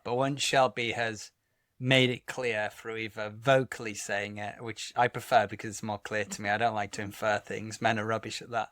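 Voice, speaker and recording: A man's voice: mid-range voice, dry recording. Laid-back man, dry close sound. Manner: laid-back, talks either too quietly or too loudly. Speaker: podcast co-host. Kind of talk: casual chat.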